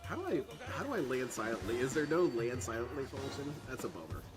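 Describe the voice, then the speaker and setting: Playing a stealth game, a let's play host offers loose, joking commentary and wanders into tangents, speaking fast at medium pitch with big swings. Game music plays in the background.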